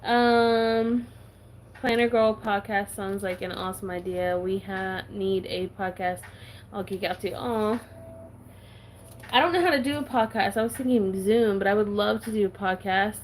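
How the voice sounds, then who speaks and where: A woman's voice: medium pitch, normal speed, a little hiss or hum, poor audio. A woman vlogger chatting casually while she stamps her planner, giggly and talking with a valley-girl lilt.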